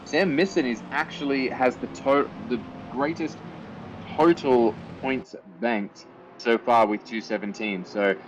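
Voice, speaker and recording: A man calling an esports sim race as lead commentator, energetic play-by-play with frequent fillers. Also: medium pitch, unhurried, muffled recording, a little hiss or hum.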